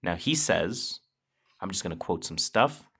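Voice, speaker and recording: A man's voice: low voice, lively intonation, a little slow, vocal fry, sharp tone, breathy edge. A man co-hosting a podcast, reading news items aloud and adding casual, slangy commentary. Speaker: podcast co-host. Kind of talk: casual chat.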